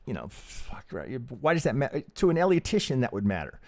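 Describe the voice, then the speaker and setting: A man's voice: wildly swooping pitch, fairly quick. A man hosting a casual trading live stream, thinking aloud as he goes, swearing freely and asking "right?" again and again. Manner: pitch jumps up when emphatic, drops low and soft when muttering.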